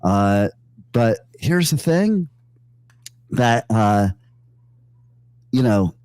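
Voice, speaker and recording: A man's voice: mid-range voice, lively intonation, very slow, darkish tone, clear, resonant tone, dry recording. A man hosting a radio show, telling loose, joking stories with many fillers and asides. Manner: rambling, jokey, full of fillers and asides. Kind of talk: casual on-air storytelling. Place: radio studio.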